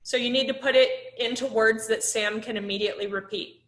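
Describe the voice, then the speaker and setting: A woman's voice: a little high, steady tone, brisk, fairly bright tone, echoey room. A woman instructor teaching a live online class over a laptop microphone. She talks in a conversational way, with many "um"s, and puts questions to the class.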